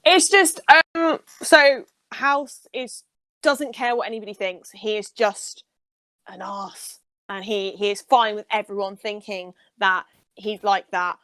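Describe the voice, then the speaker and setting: A woman's voice: medium pitch, slow, a bit bright, no echo. Enthusiastic woman with a dry close sound. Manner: enthusiastic, rambling. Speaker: podcast co-host, nurse. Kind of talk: casual chat.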